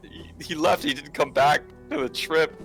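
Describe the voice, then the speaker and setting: A man's voice: fairly high pitch, normal speed, creaky, a bit bright, soft background music. A young man in his twenties telling a funny story while playing a game, laughing often and stumbling over restarts and fillers. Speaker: game commentary co-host. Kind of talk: casual storytelling over gameplay. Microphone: remote call with screen share.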